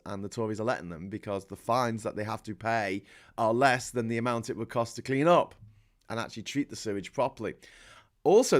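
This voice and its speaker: Scouse guy hosting a politics stream, sarcastic, rambly, keeps restarting his sentences. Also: mid-range voice. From Liverpool, England. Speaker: political livestream host. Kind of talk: casual political commentary reading viewer comments.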